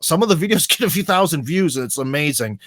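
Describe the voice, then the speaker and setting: Man, American accent, casual guest chat, rambling, fairly high pitch, dry close sound. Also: animated, quick pace, a bit bright, no echo. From United States. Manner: rambling, self-deprecating, many fillers.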